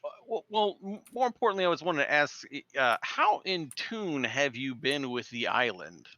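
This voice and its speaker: A man's voice: fairly high pitch, expressive, normal speed, bright, forceful tone, highs cut off. A man playing a character in a tabletop game, with a dry, sarcastic way of talking and an easy laugh. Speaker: player. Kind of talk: tabletop role-play.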